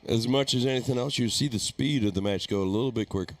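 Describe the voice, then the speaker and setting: A man's voice: mid-range voice, fast, no echo. A man giving easygoing, chatty live play-by-play commentary at a darts tournament. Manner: easygoing, chatty, laughs easily.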